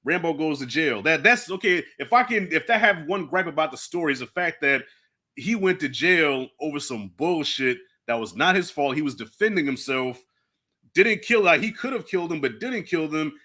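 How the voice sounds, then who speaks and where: Bright-voiced, animated man hosting a movie chat. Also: on the high side, moderate pace. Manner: animated, swears freely, acts out lines from the film. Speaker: channel host. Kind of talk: casual movie review chat.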